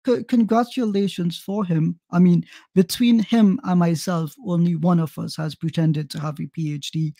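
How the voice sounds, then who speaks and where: A man from South America co-hosting a livestream, hesitant with fillers but turning to sharp, mocking put-downs. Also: high-pitched, steady tone, normal speed, vocal fry, few pauses, no echo. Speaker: co-host. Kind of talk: casual livestream chat.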